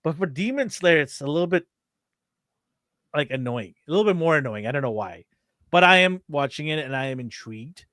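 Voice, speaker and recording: Man, casual chat, animated storyteller, laughs a lot, dry close sound. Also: a little high, fairly quick, no echo. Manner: animated storyteller, acts out quotes, laughs often. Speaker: co-host of a toy and anime show.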